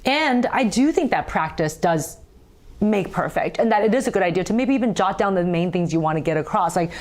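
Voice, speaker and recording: Woman psychologist guest, lowish voice, earnest and emphatic, walks you through it step by step. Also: lively intonation, a little fast, a little mellow. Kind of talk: conversational explanation.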